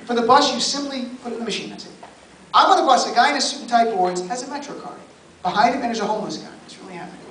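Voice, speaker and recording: Here a comedian from New Jersey, his voice very high-pitched and very fast, does crowd work during a live club set, peppering it with mock-exasperated asides. Loud audience laughter and chatter fill the distant, roomy recording.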